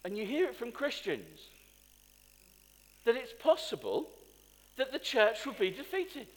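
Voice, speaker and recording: Speaking a little slowly in a very high-pitched voice, a preacher animatedly builds his sermon to emphatic peaks while posing questions to the congregation. The hall reverb is long.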